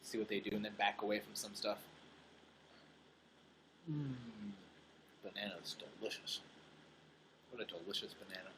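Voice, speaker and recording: A man's voice: fairly low pitch, normal speed, long pauses, noisy background. A man hosting a casual livestream, chatting playfully and muttering asides to himself while he edits clips. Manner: playful, muttering asides, lively ups and downs. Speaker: livestream host.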